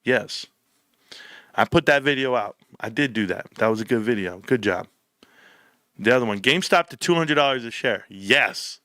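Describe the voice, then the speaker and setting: A man's voice: mid-range voice, moderate pace, no echo, studio quality. A man hosting his own channel, rambling casually with slang and acting out little dialogues as he tells stories. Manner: animated storytelling, slangy, plays out dialogue in voices. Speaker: YouTube host.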